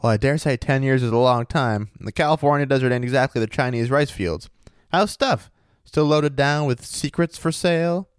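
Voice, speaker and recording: A rough, cheerful old prospector with a rustic drawl, needling an old acquaintance with sly hints, as a man puts him on. The voice sits a bit higher than plain talk. Dry, close sound. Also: normal speed, no room sound, close to an everyday voice. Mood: sly, folksy. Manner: folksy drawl, teasing and sly.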